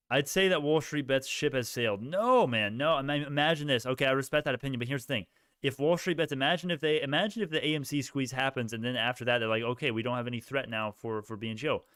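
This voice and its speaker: A man's voice: medium pitch, lively intonation, fairly quick, fairly bright tone, smooth, no room sound, studio quality. A man hosting a stock market live stream, answering viewer questions in a rambling, casual way while thinking aloud. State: sleepy, yawning. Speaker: stock livestream host.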